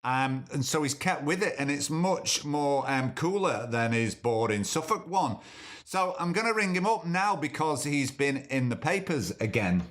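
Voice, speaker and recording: A man's voice: fairly high pitch, lively intonation, a little slow, fairly bright tone. A man hosting a comedy podcast, rambling in a dry, sarcastic way. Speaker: podcast host.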